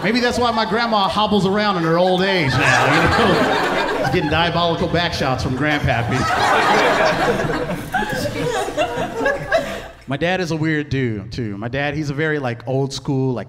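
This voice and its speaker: A young man performing a stand-up comedy set, telling stories in an animated way with laughing asides. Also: on the high side, unhurried, long pauses. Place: large comedy venue with live audience. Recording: live hall reverb with audience noise.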